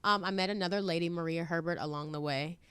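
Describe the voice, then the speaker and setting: A woman's voice: fairly low pitch, fast, smooth, no echo. A woman, a trucking entrepreneur, chatting as a guest in a casual interview and acting out the voices of the people she quotes. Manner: animated, acts out quoted voices.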